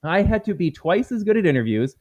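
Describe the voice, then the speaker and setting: This is a high-pitched, very animated man speaking a little fast, his tone a little mellow. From the United States, he hosts a live political commentary stream, combative and emphatic, referring to his viewers as folks. Recording quality is lo-fi stream audio, slightly dull.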